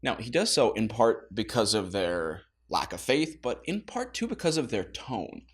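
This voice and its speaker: A man's voice: fairly low pitch, very animated, moderate pace, husky. A man pastor leading a casual Bible study, talking conversationally with laughing asides.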